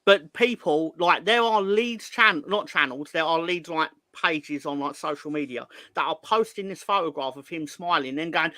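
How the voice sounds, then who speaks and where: A man co-hosts a football fan show in casual chat, voice bright and fairly high. He tells stories with energy and swears freely. The sound is close and dry. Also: normal speed, few pauses, dry recording. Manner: animated storytelling, swears freely. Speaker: co-host.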